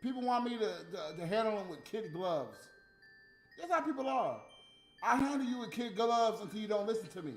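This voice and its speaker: High-voiced cursing man ranting. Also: animated, fairly quick, echoey room, soft background music. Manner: blunt, cursing, exasperated. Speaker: livestream host. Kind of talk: profane off-the-cuff rant.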